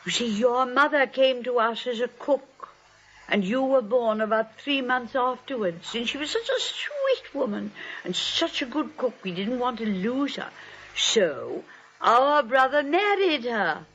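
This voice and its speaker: An actress playing a genteel, sweet elderly spinster aunt, speaking gently and primly in a vintage radio play. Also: female voice, fairly high pitch, sing-song, measured pace, heavily acted. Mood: prim gentle. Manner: gentle, prim and matter-of-fact. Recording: muffled vintage radio broadcast.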